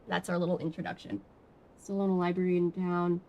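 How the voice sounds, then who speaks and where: A woman with a slightly low voice talks casually on a livestream from her home setup. She rambles a little, filling pauses with "um" as she answers her chat. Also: little pitch movement, a little mellow. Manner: chatty and rambling, answering chat with many fillers. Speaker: streamer. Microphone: webcam setup.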